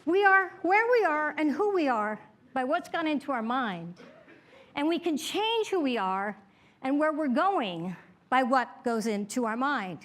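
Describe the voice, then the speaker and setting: A woman delivers a motivational talk from the stage. Her voice sits high and swings widely in pitch. She leans on each point of her lists for emphasis. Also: big pitch swings, unhurried, fairly bright tone, a little hiss or hum. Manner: emphatic, builds lists with rising and falling stress. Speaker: seminar speaker.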